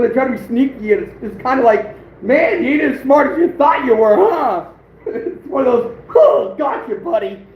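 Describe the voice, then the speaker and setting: A man from the United States hosting an outdoors livestream, chatting casually in a rambling, boastful way and chuckling often. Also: very high voice. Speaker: outdoors channel host, livestreaming. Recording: roomy, dull lo-fi sound with faint noise.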